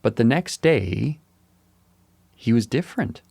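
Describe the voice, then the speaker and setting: A man's voice: medium pitch, lively intonation, slow pace, vocal fry, darkish tone, dry recording. A man co-hosting a podcast, telling rambling stories in a laid-back, joking way. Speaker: podcast co-host. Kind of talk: casual chat.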